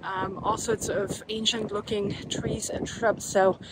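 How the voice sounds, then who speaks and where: A woman's voice: mid-range voice, flat delivery, a little slow. A woman vlogging casually while hiking, chatty and upbeat with many fillers, out of breath from the climb. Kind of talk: casual travel vlog. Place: outdoors on a forest hill. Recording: loud outdoor wind noise.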